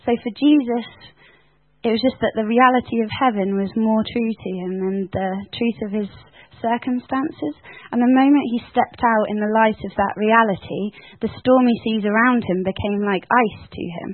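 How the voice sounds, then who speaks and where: A woman teaching at a Bible school in an animated, sermon-like way, laughing often and filling her talk with "like". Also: on the high side, moderate pace, no echo. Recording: tinny phone-like sound.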